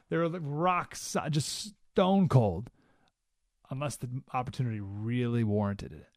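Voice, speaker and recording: A man's voice: medium pitch, a little slow, no echo. A man hosting a talk radio show, giving an emphatic monologue full of rhetorical questions in a studio. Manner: emphatic, rhetorical questions, keeps asking "right?".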